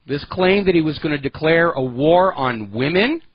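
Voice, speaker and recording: A man's voice: on the high side, animated, normal speed, highs cut off, slight background noise. A man hosting a political talk radio show, delivering an opinionated, sarcastic monologue with heavy emphasis.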